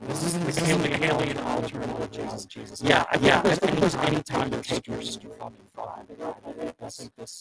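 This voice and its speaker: A man hosting a live stream, talking loudly with constant swearing, frustrated and apologetic. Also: mid-range voice, creaky, low-quality recording. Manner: loud, profane, frustrated and apologetic. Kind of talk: casual live stream chat.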